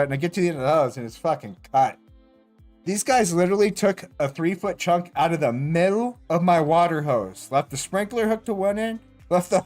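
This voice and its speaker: Profane rambling male streamer. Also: high-pitched. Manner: profane, rambling, animated retelling with laughs. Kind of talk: casual storytelling while streaming.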